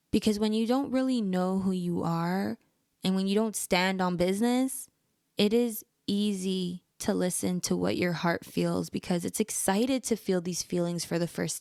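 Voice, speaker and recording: A woman's voice: fairly low pitch, creaky, a little mellow, no room sound. Earnest woman giving advice, dry sound. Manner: earnest, encouraging, speaks directly to the listener. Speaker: podcast host. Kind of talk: personal advice monologue.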